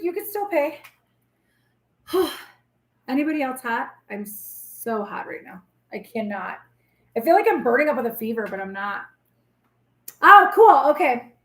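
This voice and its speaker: A woman's voice: high-pitched, fairly bright tone, echoey room. A woman in her forties hosting a casual live tarot reading, chatty, blunt and reassuring as she talks straight to viewers.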